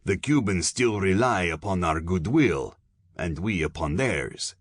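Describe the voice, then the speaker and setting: A man's voice: deep voice, expressive, a little slow, breathy edge, no room sound, studio quality, heavily acted. A man narrating an audiobook, voicing a solemn, pompous colonel who lectures earnestly and sounds weary. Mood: lecturing. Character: solemn, pompous middle-aged male police colonel.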